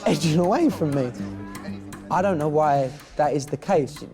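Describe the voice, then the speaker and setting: A man's voice: on the high side, lively intonation, moderate pace, crowd noise. A man from a pop band telling a story in a cheeky, amused way. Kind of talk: interview. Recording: music under interview.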